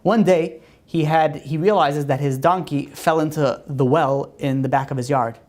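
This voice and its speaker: A woman teaching a religious class and telling stories in a conversational way. Her pitch rises on emphatic questions. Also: moderate pace, a little mellow.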